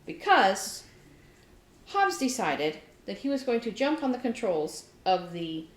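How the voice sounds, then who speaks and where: A woman co-hosting a casual chat, telling an animated story and laughing often. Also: mid-range voice, a little slow. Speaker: podcast co-host. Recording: roomy echo.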